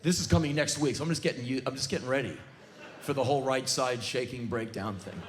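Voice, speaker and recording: A man in his forties from the United States, performing a live spoken word comedy rant on a theater stage with intense, shouting bursts. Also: medium pitch, fast, noisy background. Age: 40s.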